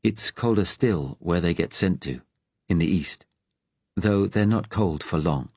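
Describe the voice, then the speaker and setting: A male narrator playing a hard, cold woman agent in an audiobook, cool and clipped, every word controlled. The reader's low voice is lifted only slightly for her, recorded close and dry. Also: a little slow, a little mellow, husky, no echo, exaggerated voice.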